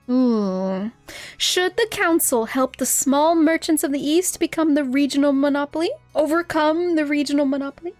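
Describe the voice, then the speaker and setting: A woman's voice: sits high, normal speed, no room sound, soft background music. A young woman streaming a game, reading its text aloud and chatting playfully with a giggly manner. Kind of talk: casual game stream commentary.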